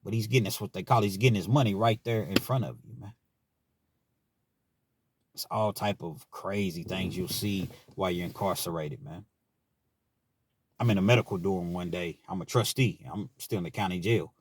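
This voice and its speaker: A man's voice: sits low, normal speed, long pauses, noisy background. A man from Kentucky telling stories from his time in prison, in a laid-back, frank way and often tagging his sentences with "man.". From Richmond, Kentucky, US. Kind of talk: casual storytelling monologue.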